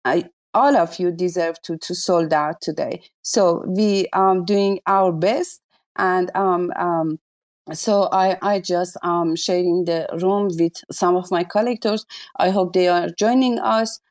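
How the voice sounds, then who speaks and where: A woman's voice: on the low side, fairly even intonation, slow, a little mellow. A woman hosting a live audio chat, effusive and exclaiming often, speaking in broken non-native English.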